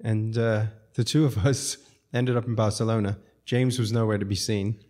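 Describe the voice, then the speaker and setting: Low-voiced man telling rambling stories. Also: fairly even intonation, normal speed, dark tone. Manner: rambling, laughs between sentences. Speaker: podcast guest. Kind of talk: casual storytelling.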